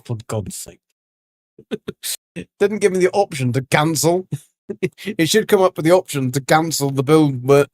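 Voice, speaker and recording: A man's voice: on the high side, a little mellow, no room sound, clean studio sound. Rambling man chatting on stream. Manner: rambling and chatty, with many ums and restarts. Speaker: livestreaming gamer. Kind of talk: casual livestream chat while gaming.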